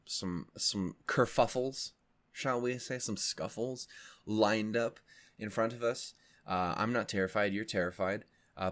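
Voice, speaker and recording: Hosting a reaction video, a man with a fairly low voice chats casually, rambling and joking. He swears freely and fills his speech with fillers and restarts.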